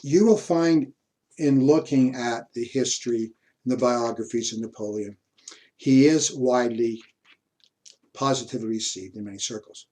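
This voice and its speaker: Unhurried male history lecturer. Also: medium pitch, a little mellow. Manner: unhurried, pausing mid-sentence, offering asides. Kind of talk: university lecture.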